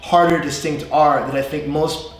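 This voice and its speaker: A man's voice: on the high side, fairly even intonation, normal speed. Chatty New York man in an echoey room. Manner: rambling storyteller with frequent restarts and laughs. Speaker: English teacher. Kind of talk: casual teaching chat.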